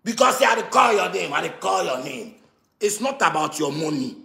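A man with a Ghanaian Pidgin English accent delivering a heated, repetitive rant that swings from shouting to muttering. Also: high-pitched, sing-song, moderate pace, gravelly, echoey room. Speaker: musician ranting to camera. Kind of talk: angry rant.

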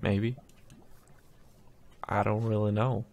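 Young man, drowsy gameplay chatter, unhurried, fry in the voice, faint background noise. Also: lowish voice. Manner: relaxed rambling commentary, just woken up. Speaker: gaming YouTuber. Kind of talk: casual Minecraft let's play.

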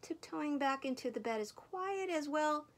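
A woman's voice: sits high, moderate pace. Older woman reading a bedtime story. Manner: expressive, drops to soft whispers. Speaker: storybook reader. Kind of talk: reading a picture book aloud.

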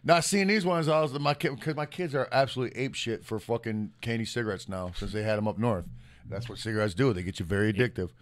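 A man's voice: lowish voice, fast talker. A middle-aged man from Michigan co-hosting a podcast, telling stories in a rambling, profane way. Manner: profane, rambling storytelling with lots of "like". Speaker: podcast co-host. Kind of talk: casual chat.

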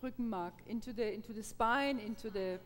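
Halting high-voiced woman teacher in a hall. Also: a crowd in the background. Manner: halting, repeats words, laughs often, encouraging. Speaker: Feldenkrais trainer. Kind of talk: live workshop teaching through an interpreter. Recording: reverberant hall.

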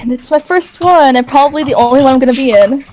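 A woman's voice: sits high, fast, a little mellow, a little hiss or hum. A woman guest co-hosting a livestream, reading questions playfully with a sassy edge. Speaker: guest co-host. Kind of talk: casual livestream chat.

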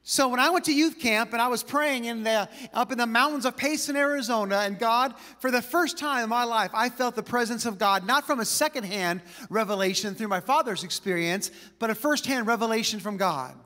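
A man preaches a sermon from a church stage, and a long hall reverb follows his voice. His pitch sits high for a man. He tells stories with quick asides and light laughs along the way. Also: pushed and bright. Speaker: pastor.

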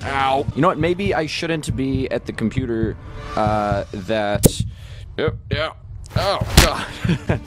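Animated young man narrating gameplay. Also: mid-range voice, slow pace, long pauses, over loud music. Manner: animated, jumps between whispers and loud squeals. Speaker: gaming YouTuber. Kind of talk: excited gameplay commentary.

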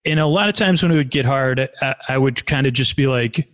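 A man's voice: medium pitch, fairly quick, a bit bright. A man in his forties telling stories candidly in a casual, rambling way, with many restarts and fillers, as a podcast guest. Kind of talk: casual conversational storytelling.

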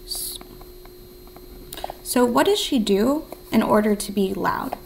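Gravelly, slow-talking woman teacher. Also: fairly high pitch, expressive, a little hiss or hum, rough recording. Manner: encouraging, thinking aloud while writing; counts syllables in a soft whisper. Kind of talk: remote writing lesson.

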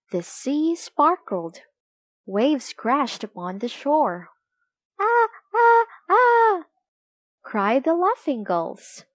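Slow, expressive woman reading aloud. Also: a little high, no room sound. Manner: clear, expressive, deliberate reading. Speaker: storybook reader. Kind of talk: children's read-aloud.

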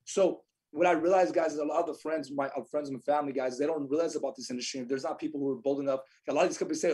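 A man telling stories on a podcast in a fast, emphatic way, with quiet somber moments and loud bursts. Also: a little high, steady tone, husky. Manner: fast, emphatic, swings between quiet sorrow and loud energy. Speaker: podcast guest, insurance agent. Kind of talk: animated storytelling.

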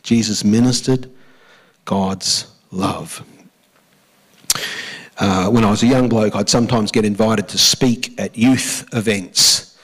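An Australian man preaching a church sermon as pastor, speaking emphatically, slowing down and repeating key phrases, and leading the congregation in saying lines back. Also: fairly low pitch, fairly even intonation, fairly bright tone, low-quality recording.

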